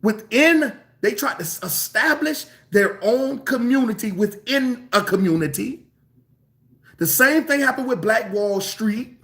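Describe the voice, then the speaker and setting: A man preaching a sermon in an emphatic, colloquial way, repeating phrases for stress and drawing some words out slowly. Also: high voice, animated, a bit bright.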